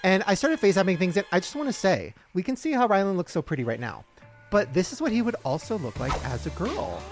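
A man co-hosting a podcast, teasing and animated in a casual chat. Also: high-pitched, fast, music in the background. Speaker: podcast co-host.

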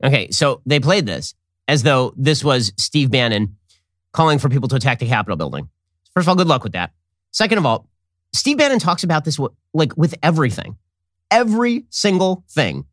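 A man hosting a political commentary show, delivering a sarcastic, animated monologue into a studio mic. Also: medium pitch, a little fast, no echo. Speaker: host.

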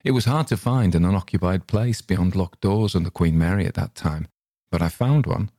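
Deep-voiced man reading a story. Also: normal speed, warm tone, dry recording, clean studio sound. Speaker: story reader. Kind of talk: scripted story narration.

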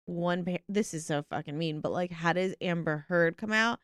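A woman's voice: fairly low pitch, moderate pace, clean tone, no echo. Teasing woman co-host on a dry mic. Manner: teasing, blunt, laughs often. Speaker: podcast co-host. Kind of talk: casual comedic chat.

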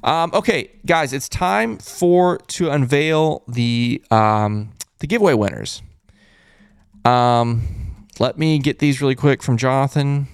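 A man's voice: medium pitch, slow pace, gravelly, clear, resonant tone, dry recording, studio quality. A man hosting a casual live-stream postgame recap, chatty and thinking aloud as he reads through stats and repeats his reactions. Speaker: host of a fan postgame show.

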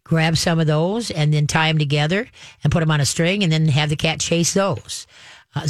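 A man's voice: fairly high pitch, no echo, studio quality. A man hosting a call-in radio show on pet advice, talking in a folksy, rambling way with many fillers and restarts. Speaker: radio pet expert host.

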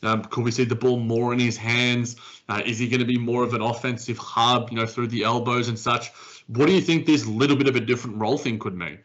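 A man's voice: mid-range voice, steady tone, a little fast, fairly bright tone, dull audio. A man co-hosting a casual basketball podcast, rambling with frequent restarts. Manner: rambling, many restarts and fillers. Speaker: podcast co-host. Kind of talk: casual sports chat.

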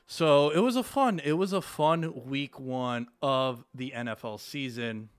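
A man's voice: mid-range voice, measured pace, clean tone, dry recording, studio quality. A man hosting a solo sports podcast, talking loosely and with energy, swearing casually. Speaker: podcast host. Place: home studio, New York.

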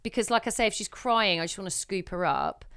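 Lively, candid woman. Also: mid-range voice, brisk, clean tone, no room sound, studio quality. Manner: candid and expressive, wry about parenting. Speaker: podcast co-host. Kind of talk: casual chat.

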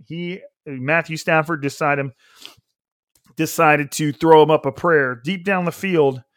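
Man, podcast host, fairly high voice, dry close sound, casual football breakdown. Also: no room sound. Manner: conversational, with frequent restarts and fillers. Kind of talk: casual sports analysis.

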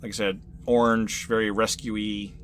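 A man narrating a sci-fi tabletop game as game master, relaxed and full of fillers. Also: on the low side, a little slow.

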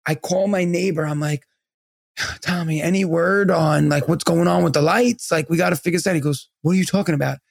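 Male podcast co-host, 30s, gravelly and a bit high, rambling storyteller, dry close mic. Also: a little fast, no echo. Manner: rambling, animated anecdote teller with many fillers. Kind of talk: casual storytelling.

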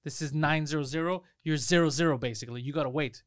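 Fast-talking man telling an angry story. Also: on the high side, no room sound, studio quality. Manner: animated, profane storyteller acting out dialogue. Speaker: podcast co-host. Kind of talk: casual storytelling.

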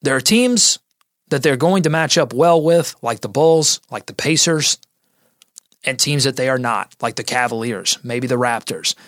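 Male podcast host, mid-pitch, dry booth sound, energetic analysis and promo reads. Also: dry recording. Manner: energetic, quick asides and self-corrections.

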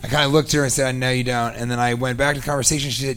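A man telling a comic story, sarcastic and animated, acting out both sides of a conversation. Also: medium pitch, rapid-fire, hardly any pauses. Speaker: comedian. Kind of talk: comedic storytelling.

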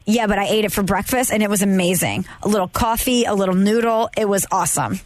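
A woman's voice: mid-range voice, quick pace, no echo. A young adult woman, a podcast co-host from the United States, telling a travel story in casual chat and acting out the people she quotes. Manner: animated storyteller, acts out quotes.

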